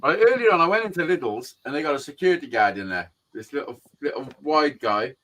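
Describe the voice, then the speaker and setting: A man's voice: fairly high pitch, brisk. A man hosting a live stream, telling stories in casual, swearing banter over a video call. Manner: swearing, animated storytelling.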